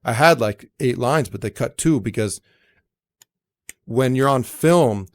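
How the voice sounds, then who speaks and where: A young man, a guest in a casual interview, telling animated stories and acting out other people's voices, with lots of fillers. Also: medium pitch, a little slow. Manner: animated, acts out quoted voices, many fillers. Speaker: actor and entrepreneur, guest.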